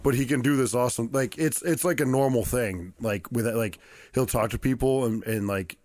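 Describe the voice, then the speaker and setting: Young dude podcasting, super casual, swears a lot, "like" every other word, dry sound. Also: male voice, medium pitch, normal speed, a little mellow, no room sound. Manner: loose, profane, laughs a lot, many filler "like"s. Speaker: podcast co-host, pro wrestler. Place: podcast studio.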